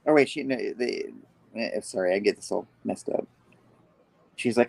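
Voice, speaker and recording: A man hosting a show, casually recapping a comic book and quickly acting out each character's lines. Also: medium pitch, gravelly. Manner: animated retelling, acting out characters' lines with laughs. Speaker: host.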